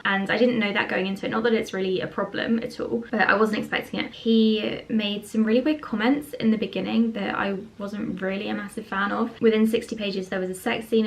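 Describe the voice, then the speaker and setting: A woman's voice: medium pitch, vocal fry, poor audio. A young woman chatting casually in a reading vlog, often doubling her words for emphasis. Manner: chatty, says "really" twice for emphasis. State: unwell, a bit out of breath. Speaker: book vlogger.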